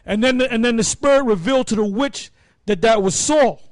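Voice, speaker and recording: Man, casual Bible teacher, high voice, dry recording, loose and emphatic. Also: fairly quick, no room sound. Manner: rambling, restarts, emphatic. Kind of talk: casual preaching.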